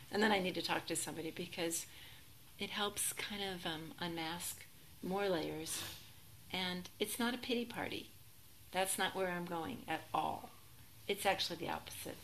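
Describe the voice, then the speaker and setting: A woman teaching as a Zen teacher in a relaxed, reflective dharma talk, gently self-deprecating and sometimes laughing. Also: lowish voice, a little hiss or hum, low-quality recording.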